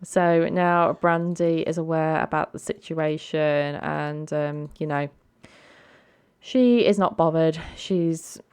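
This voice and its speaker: A woman hosts a let's play, chatting casually and emotionally light over a life-sim game with plenty of ums and fillers. Her low-pitched voice is clear and resonant with a darkish tone, fairly even intonation, and a slow pace.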